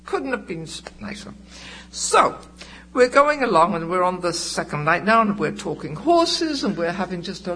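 An older woman telling her recovery story at a meeting, in vivid, deliberate storytelling with acted-out quotes. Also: medium pitch, a bit bright, breathy edge, poor audio. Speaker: recovering alcoholic sharing at a meeting. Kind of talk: personal testimony.

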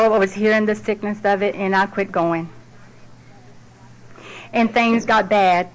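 A woman's voice: medium pitch, a little hiss or hum, poor audio. A middle-aged woman, giving a heartfelt personal testimony at a support group meeting in a plain, down-to-earth way.

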